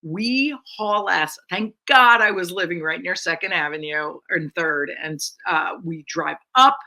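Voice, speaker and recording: A woman's voice: on the low side, measured pace. A middle-aged woman, a comedian, telling brash, profane stories in a casual podcast chat. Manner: brash, profane, animated storyteller.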